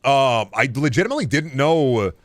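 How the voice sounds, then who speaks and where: A young male game streamer rambles through casual chat, cursing freely and answering viewers. His voice sits in a middle pitch but leaps high and drops low again and again. He is close to the mic, with a dry, unechoing sound. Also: very animated, moderate pace, dry recording. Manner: rambling and profane, reacting to chat. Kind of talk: casual live-stream chat while gaming.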